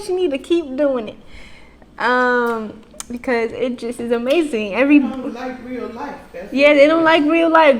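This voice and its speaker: A woman's voice: high voice, rough recording. A young woman chatting casually on camera in a reading vlog, gushing and exclaiming, humming along often. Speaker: book vlogger. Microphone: camera mic.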